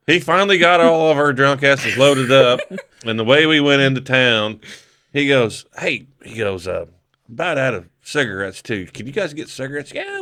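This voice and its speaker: A man's voice: medium pitch, sharp tone. A man on a podcast telling a rambling story, laughing often and swearing freely. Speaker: podcast guest. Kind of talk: casual storytelling.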